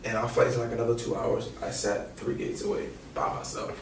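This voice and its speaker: The recording is echoey, with a distant mic and faint background noise, as a young New York man, a former college basketball player, guests on a podcast. Animated and profane, he uses lots of slang and acts out quotes in a mid-range voice at a fairly quick clip.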